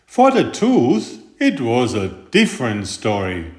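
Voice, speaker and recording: Slow, animated man reading a children's story. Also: mid-range voice. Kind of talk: children's story read-aloud. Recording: roomy echo.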